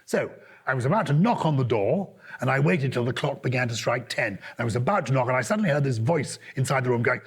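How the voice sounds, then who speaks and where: A man's voice: mid-range voice, fast talker, vocal fry, husky. An older English man, co-host of a podcast, telling a story in casual chat and briefly putting on the voices of other people. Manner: animated anecdote-telling with put-on voices.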